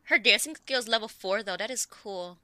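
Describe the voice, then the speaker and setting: A woman's voice: on the high side, lively intonation, normal speed, bright, forceful tone, dry recording. A woman giving casual gameplay commentary, chatty and easily exasperated, talking back to the characters on screen. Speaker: let's play gamer.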